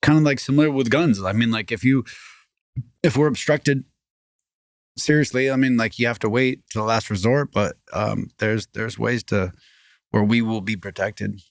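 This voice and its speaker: Low-voiced man telling a rambling story. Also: normal speed, dry recording, studio quality. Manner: rambling, animated, many restarts and fillers. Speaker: podcast guest, former fighting champion. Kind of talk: casual storytelling chat.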